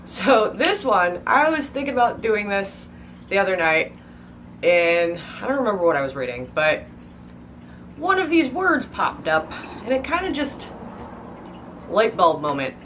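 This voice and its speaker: Very animated yet unhurried, with long pauses, a woman book vlogger rambles in a mid-range, fairly bright voice. A little hiss or hum is audible. She's hyper and playful, stretching words out and exaggerating how they sound.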